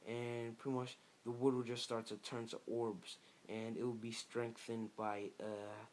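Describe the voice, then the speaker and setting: Halting man telling a story. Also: fairly low pitch, flat delivery, a little hiss or hum. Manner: halting, many fillers and restarts. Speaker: fan storyteller. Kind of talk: casual improvised storytelling.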